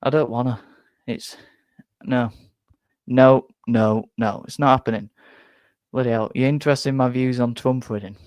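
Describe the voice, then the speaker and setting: Young man, football fan live-stream chat, rambling and stumbling over words, middle pitch, dry close sound. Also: darkish tone, dry recording. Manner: rambling, self-interrupting, repeats words. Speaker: fan channel host. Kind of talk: casual live-stream chat reading viewer comments.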